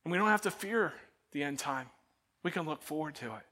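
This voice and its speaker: A middle-aged male pastor preaching a sermon in a church, telling a story with animated, self-mocking energy and then turning quiet and prayerful. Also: a little high, fairly quick. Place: church auditorium.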